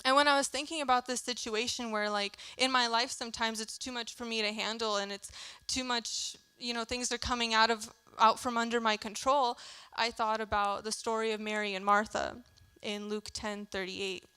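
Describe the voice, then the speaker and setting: A woman's voice: fairly high pitch, steady tone, normal speed, pushed and bright, smooth, no echo. A young woman giving a candid, chatty youth sermon in a church, laughing often as she talks. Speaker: youth speaker.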